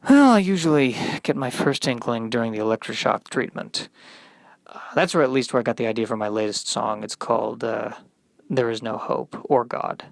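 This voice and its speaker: A man's voice: medium pitch, moderate pace, gravelly, no room sound, pitched below the performer's own voice, lightly acted. A man doing a mumbling, hopeless rock singer. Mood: mopey. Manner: mumbling, sighing, quiet. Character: gloomy male alt-rock singer, hopeless.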